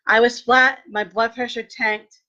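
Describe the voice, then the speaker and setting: A woman telling a personal story in a lively way, acting out what people said and turning earnest when she speaks of faith. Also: on the high side, unhurried, muffled recording. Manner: animated, acts out quoted dialogue. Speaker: vlogger sharing a personal testimony.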